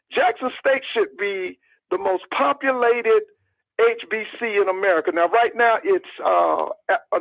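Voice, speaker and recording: A man's voice: sits high, no room sound. A male caller giving emphatic, repetitive commentary over the phone. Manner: emphatic, repeats points insistently. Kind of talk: call-in radio commentary. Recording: tinny phone line.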